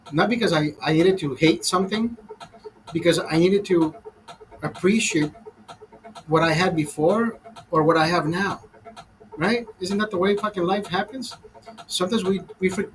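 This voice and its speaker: A man's voice: sits high, poor audio. A man ranting casually to his viewers over a beer, profane and fired up, calling them brother. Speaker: host.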